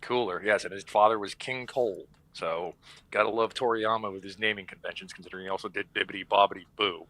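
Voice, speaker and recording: A man's voice: lowish voice, steady tone, fast, fairly bright tone, no room sound. A man on a casual stream, teasing dryly and bluntly correcting the others. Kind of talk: casual hangout stream chat.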